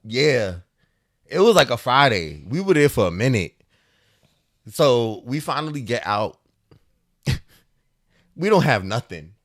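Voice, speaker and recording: A man in his thirties, a podcast co-host telling a story in casual chat, animated and laughing often as he acts out the voices. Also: mid-range voice, unhurried, long pauses.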